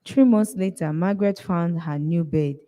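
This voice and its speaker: A woman's voice: on the low side, moderate pace, dark tone, big-room sound, rough recording. A woman from Nigeria with a Nigerian accent, reading a story aloud and shifting her tone slightly for each character's lines. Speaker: reader.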